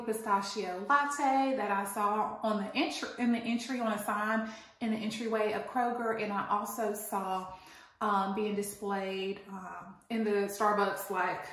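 A woman telling an animated, indignant storytime rant to her viewers. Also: medium pitch. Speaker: vlogger. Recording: very echoey room.

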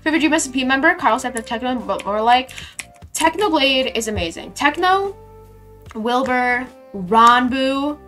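A young woman streaming a game, chatting casually and reading her chat aloud with sudden excited squeals. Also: on the high side.

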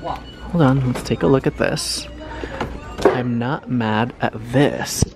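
A young man talking through a shop-with-me vlog in a home decor store, chatty and animated with dramatic reactions. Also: medium pitch, takes it slowly, gravelly, over loud music. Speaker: lifestyle vlogger.

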